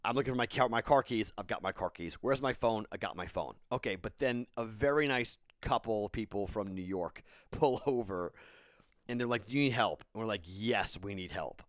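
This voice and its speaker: A man's voice: fairly low pitch, normal speed, no echo, studio quality. A man in his thirties, a podcast host, telling a casual rambling story and then giving betting picks, tired and self-correcting.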